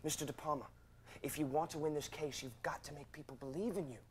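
An actor playing a slick, smarmy lawyer in a stage drama, smooth and lecturing. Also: male voice, on the high side, fairly even intonation, fast, slight background noise, natural voice. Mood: persuasive.

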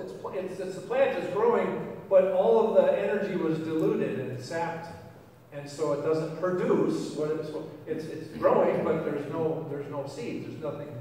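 Folksy pastor in an echoey church. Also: male voice, on the high side, a little mellow, a little hiss or hum. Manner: folksy, rambling, with many fillers and restarts. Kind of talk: conversational sermon. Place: church sanctuary. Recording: echoey church hall, mic far off.

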